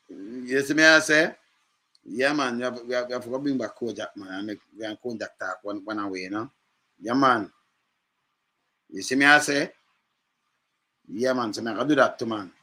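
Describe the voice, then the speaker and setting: A man chatting casually in patois, telling animated stories with lively jumps in pitch. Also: unhurried, long pauses. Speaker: speaker in a reggae scene video.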